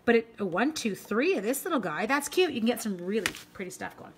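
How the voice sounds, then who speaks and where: A woman's voice: fairly high pitch, very animated, fairly quick, background noise. A middle-aged woman from Canada hosting a live card-making tutorial, chatty and upbeat, greeting viewers by name as she works.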